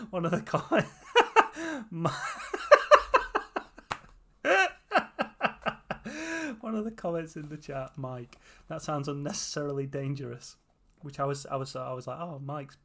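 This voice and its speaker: A tired man chatting casually to viewers on a live stream, with a runny nose. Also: fairly high pitch. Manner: tired, chatty, often laughing.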